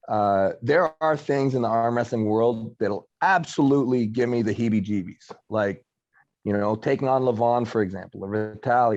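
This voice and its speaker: A middle-aged man, a guest arm wrestler, talking in a relaxed, reflective way and often slowing down to think. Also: medium pitch, highs cut off. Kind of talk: casual conversation.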